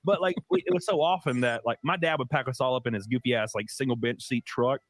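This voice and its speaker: A man with a Southern US accent, hosting a casual stream and telling animated stories with plenty of swearing. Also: medium pitch, fast talker, dry recording. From American South. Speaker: streamer host. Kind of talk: casual chat.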